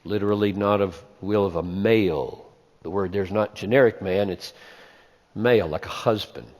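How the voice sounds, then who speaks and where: A man's voice: lowish voice, normal speed, a little mellow, in a large hall. A man teaching the Bible, emphatic, repeating key phrases and posing rhetorical questions.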